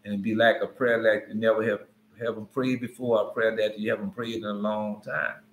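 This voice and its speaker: A man's voice: on the low side, little pitch movement, fairly quick, slight background noise. A man giving an informal Bible teaching in a conversational, rambling way with frequent asides. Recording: roomy echo.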